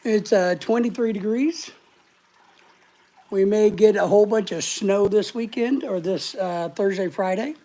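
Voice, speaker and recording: A woman's voice: medium pitch, unhurried, warm tone. Breathless woman hosting a casual live stream. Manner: rambling, greets viewers by name. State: short of breath.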